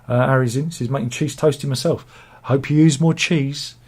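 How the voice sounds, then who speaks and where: A man's voice: medium pitch, steady tone, normal speed, a little mellow, husky. A British man in a cold room at home, reading viewer comments aloud in a rambling, joking, self-mocking chat. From Britain. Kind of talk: casual chat.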